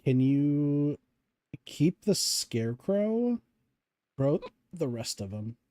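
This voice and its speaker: A man streaming a game, coaching his co-player in a halting, filler-heavy way while he keeps hiccuping. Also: on the high side, very animated, dark tone, no echo. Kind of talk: casual gaming chat.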